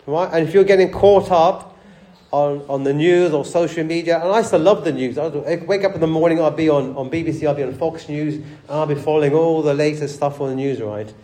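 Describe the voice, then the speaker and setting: A pastor with a voice on the high side preaches a sermon a little fast, in a mellow tone. He is conversational, often asking the church rhetorical questions and repeating words as he restarts. The room is echoey.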